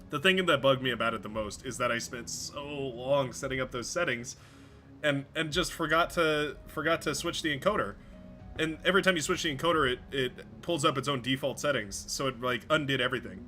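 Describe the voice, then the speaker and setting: A man's voice: medium pitch, a little fast, pushed and bright, faint music behind. A man streaming a video game live, chatting casually and rambling, often stumbling over his own words.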